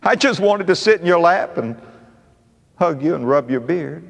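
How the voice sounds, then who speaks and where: A man preacher quietly voicing a sorry four-year-old boy in a sermon story. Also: fairly high pitch, expressive, normal speed, vocal fry, in a large hall. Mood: pleading. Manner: quiet, pleading.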